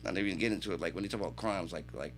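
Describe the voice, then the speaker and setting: A man telling animated, swear-filled stories as a podcast guest in a radio studio. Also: deep voice, rapid-fire, faint music behind. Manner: animated storytelling, heavy swearing. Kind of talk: casual chat.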